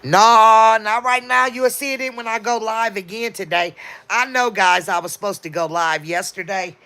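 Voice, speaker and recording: A woman's voice: on the high side, moderate pace, sharp tone. A woman livestreaming, chatting casually and answering her viewers' comments as they come in.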